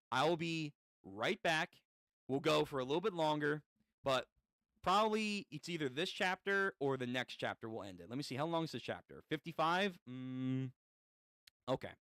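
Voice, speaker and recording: A man reading a manga aloud and reacting as he goes, animated and prone to swearing. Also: fairly high pitch, dry recording, studio quality. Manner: animated, swears, reads lines aloud then comments. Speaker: manga read-through host. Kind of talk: casual reading with live reactions.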